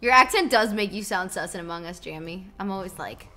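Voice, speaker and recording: A woman's voice: mid-range voice, lively intonation, a little fast, sharp tone. A young woman from New Jersey streaming a game, chatting casually and answering viewer questions with playful asides. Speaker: livestreamer. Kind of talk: casual chat while gaming and reading chat.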